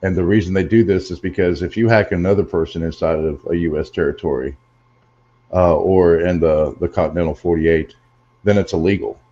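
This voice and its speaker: A man's voice: low voice, steady tone, a little fast, warm tone, husky, lo-fi sound. A man in a casual group chat, earnestly retelling stories and sharing facts.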